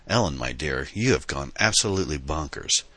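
A man's voice: extremely low pitch, lively intonation, a little fast, a bit bright, dry recording, full character voice. A man reading an audiobook, voicing a troubled, skeptical young musician who tells his story in an earnest, confessional way. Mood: incredulous.

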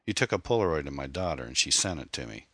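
A steady, matter-of-fact detective, read by a man in a very low voice with a bright tone. It is recorded dry and close. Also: quick pace, dry recording, exaggerated voice. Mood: calm. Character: calm male detective, husband.

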